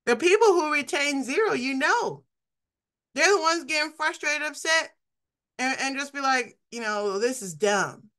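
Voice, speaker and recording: Bright-voiced woman preaching casually. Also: high-pitched, lively intonation, a little slow. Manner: conversational, laughs often, mimics people she quotes. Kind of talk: informal sermon.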